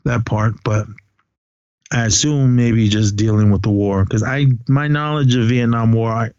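A man's voice: medium pitch, normal speed, a little mellow, clear, resonant tone, dry recording. A man hosting a casual movie chat, retelling scenes in a rambling way with many restarts. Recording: dull lo-fi dry recording.

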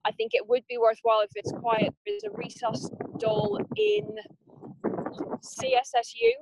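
A woman leading a staff briefing over a call, talking in a brisk, directive way with frequent ums. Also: very high-pitched, big pitch swings, vocal fry, heavy background noise. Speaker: clinical team lead.

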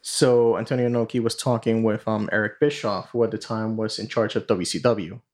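A man's voice: lowish voice, fairly even intonation, fairly quick, a little mellow. A man hosting a podcast, casually retelling a story in a rambling way full of fillers and swearing. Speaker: podcast host.

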